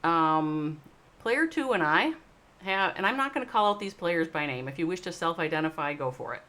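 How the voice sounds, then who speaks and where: A woman hosting a live stream, talking straight to chat viewers. She swings between loud, emphatic, swearing bursts and slow, soft reflection. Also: fairly low pitch. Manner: addresses chat viewers by name. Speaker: livestream host, esports org owner. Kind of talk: emotional livestream monologue.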